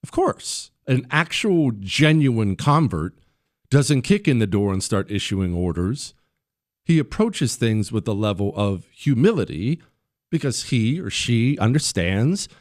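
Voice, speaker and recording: A man's voice: medium pitch, dry recording, studio quality. A man hosting a political talk radio show, speaking bluntly and combatively in a monologue. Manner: blunt, combative, mocks people in put-on voices; turns quiet and subdued when talking about the fallen.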